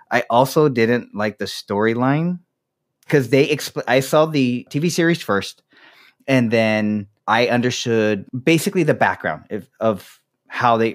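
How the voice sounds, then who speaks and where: A man hosting a casual podcast chat, ranting with profanity and laughing often. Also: fairly low pitch. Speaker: podcast host.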